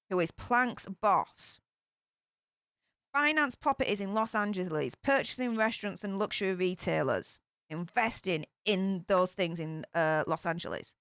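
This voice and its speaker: A woman talks through a true crime case in a chatty, speculative way, full of ums and asides. Her voice sits at an ordinary middle pitch. The recording is close and dry, with no room sound. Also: fairly bright tone, no echo. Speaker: true crime channel host. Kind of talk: casual true crime commentary.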